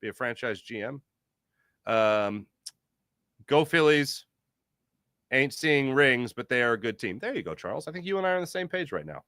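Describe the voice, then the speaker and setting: Lively, bright-voiced man hosting a chat. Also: mid-range voice, moderate pace, long pauses, no room sound, clean studio sound. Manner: animated, jokey, rambling with restarts. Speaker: podcast host reading live chat. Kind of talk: casual livestream chat.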